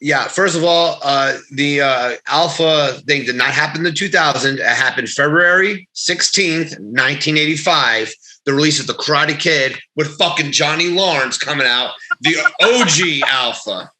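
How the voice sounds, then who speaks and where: A man's voice: a little high, normal speed, sharp tone, poor audio. A man in casual podcast chat, joking and swearing a lot. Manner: profane, joking, rambling. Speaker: podcast guest.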